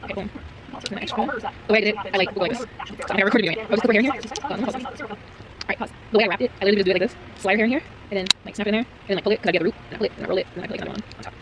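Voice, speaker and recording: A woman's voice: medium pitch, very fast, crowd noise. A young woman chatting casually to camera about restoring dolls, rambling and slangy, with lots of laughs. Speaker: doll restoration vlogger.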